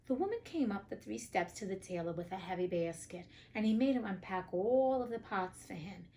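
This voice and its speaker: A woman's voice: medium pitch, expressive, brisk, hardly any pauses, dark tone. Young woman reading old fairy tales, chatty and cheeky, cusses in her asides. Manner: cheeky, profane side comments. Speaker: podcast host and audiobook reader. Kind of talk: casual storybook reading with asides.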